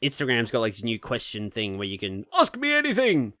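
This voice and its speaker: A man co-hosting a podcast, telling stories in a casual, swearing way. His voice is bright and forward. He is close to a dry mic. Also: mid-range voice, huge pitch swings, fairly quick, dry recording. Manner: swearing storyteller; acts out quoted voices. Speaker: podcast co-host. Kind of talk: casual chat.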